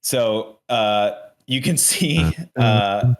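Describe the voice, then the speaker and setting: A man's voice: fairly low pitch, drawn-out words, over a noisy crowd. A man narrating a tabletop game as game master, rambling, with many fillers and restarts.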